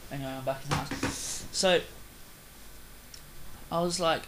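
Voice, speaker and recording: Young Australian male gamer, rambling and loose, slightly raised pitch, prone to loud excited yelps. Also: unhurried, noisy background. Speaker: gaming video host. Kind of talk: casual game commentary.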